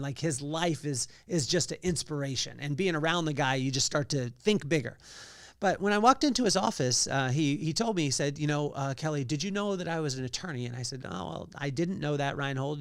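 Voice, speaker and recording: A man's voice: fairly high pitch, no echo, clean studio sound. A man hosting a solo podcast, telling a story with energy and acting out the quotes in other voices. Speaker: podcast host.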